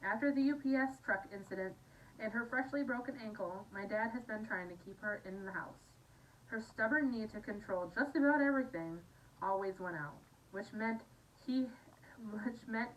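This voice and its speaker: A woman's voice: medium pitch, fairly bright tone, lo-fi sound. A Scottish woman casually reading a novel aloud, with chatty asides and slips over words. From Scotland. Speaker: audiobook reader. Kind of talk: casual amateur audiobook reading. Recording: slightly distant mic, faint noise.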